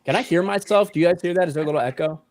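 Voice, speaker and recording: A man's voice: high voice, very fast, background noise. Male host, casual live stream, swearing, introduces guests, joking. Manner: loose, profane, joking introductions. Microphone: headset.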